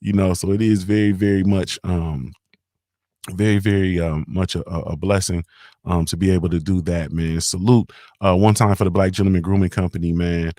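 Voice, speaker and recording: Male morning-show host, lowish voice, relaxed slangy banter from home, dry close sound. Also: normal speed, no room sound. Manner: laid-back slangy talk, shouting out viewers. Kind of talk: casual livestream chat.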